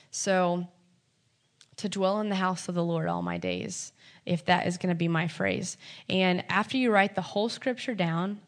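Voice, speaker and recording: A woman with a lowish voice leads a small group through a Bible meditation workshop. She talks casually and warmly encouraging, often pausing on ums and restarting her sentences. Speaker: Bible study teacher.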